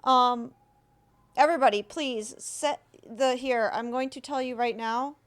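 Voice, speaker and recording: A woman streamer giving reaction commentary, halting and emotional, with many restarts and apologies. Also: a little high, fairly even intonation.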